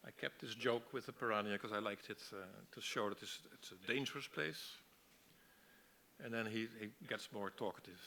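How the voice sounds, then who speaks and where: Gravelly man explaining storyboards. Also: on the low side, a little fast, a little hiss or hum. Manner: relaxed, explanatory, with restarts and light laughs. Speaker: storyboard artist teaching a masterclass. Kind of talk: lecture on storyboarding.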